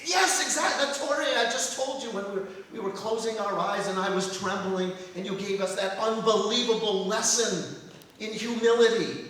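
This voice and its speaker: A man voicing an eager, emotional former student who talks in a high, excited, pleading way. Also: moderate pace, slight background noise. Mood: fervent. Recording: echoey hall from far off.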